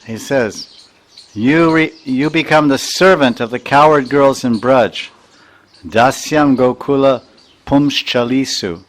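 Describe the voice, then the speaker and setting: A man's voice: medium pitch, a little slow. Man teaching scripture, chanting Sanskrit verses. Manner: recites Sanskrit verses, then explains them line by line; chuckles while teaching. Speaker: spiritual teacher. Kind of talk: scripture lecture.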